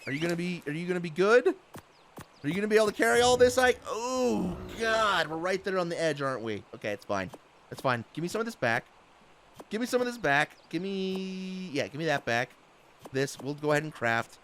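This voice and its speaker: Animated young man narrating gameplay. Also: high-pitched, brisk, slight background noise. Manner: chatty, animated, laughs often. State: hiccups. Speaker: gaming YouTuber. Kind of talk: casual gameplay commentary.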